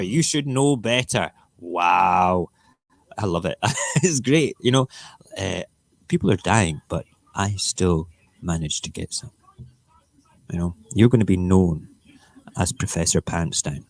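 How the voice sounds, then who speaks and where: Male host, lowish, mocking rant style, dry close mic. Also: lively intonation, slow pace, creaky, no echo. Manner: ranting, mocking and joking. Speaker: radio show host. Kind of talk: casual live-stream commentary.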